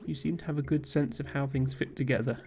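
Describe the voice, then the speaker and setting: A man's voice: medium pitch, steady tone, fast talker, creaky, a little mellow, natural voice. A man reading a polite hotel host. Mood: courteous. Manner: reads the lines plainly, no accent.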